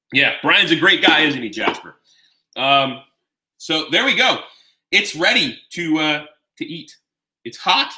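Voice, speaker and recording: A man hosting a casual live cooking stream, chatting with his viewers in a rambling way and gushing with excitement as he eats and talks. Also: medium pitch. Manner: gushing with excitement while tasting. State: eating while talking. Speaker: home cook streaming live. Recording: roomy, echoing room sound.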